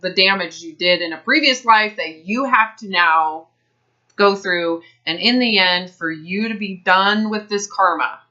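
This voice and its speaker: A woman's voice: medium pitch, measured pace, pushed and bright, lo-fi sound. A woman health coach on a coaching call, giving blunt, direct advice.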